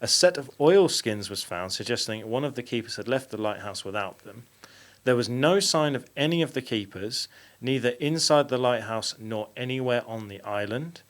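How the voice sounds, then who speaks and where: With an expressive mid-range voice, a man hosts a podcast and reads facts aloud at normal speed with few pauses. The tone is casual chat, though he leans on fillers and stops to correct himself.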